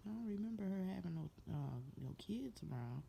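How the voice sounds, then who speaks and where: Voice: medium pitch, expressive, fairly quick, creaky, dark tone, slight background noise. A person giving a casual, gossipy recap of a TV episode, slangy and playfully sassy, often breaking into laughter. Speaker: TV show reviewer.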